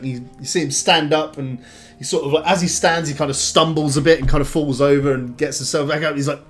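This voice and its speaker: A man narrating as game master of a tabletop game in a relaxed, rambling way. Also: fairly high pitch, brisk, faint music behind.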